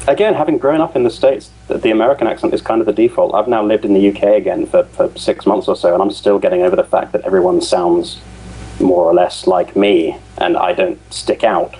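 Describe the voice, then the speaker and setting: A man's voice: low-pitched, fairly even intonation, a little fast, warm tone, breathy edge, rough recording. A man who grew up in the US and now lives in the UK, chatting as a podcast guest in a hesitant, self-deprecating way. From grew up mainly in the US, now lives in the UK. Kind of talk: casual podcast chat.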